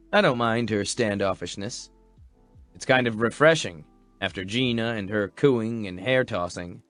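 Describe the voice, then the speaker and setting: Brief: male narrator, slow wry first-person romance read, close dry sound. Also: mid-range voice, a bit bright, no room sound. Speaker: audiobook narrator.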